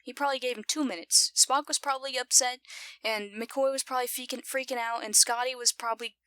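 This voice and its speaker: A woman's voice: high voice, fairly even intonation, fast talker, pushed and bright, no echo. A woman with an accent giving casual reaction commentary to a TV episode, playfully giggling and talking back to the screen. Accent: non-standard English accent. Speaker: video reactor.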